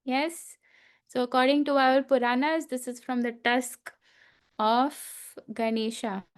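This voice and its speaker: A woman teaching a festival class, telling a sacred story slowly with frequent fillers and asides to her listeners. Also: high-pitched, fairly even intonation, smooth.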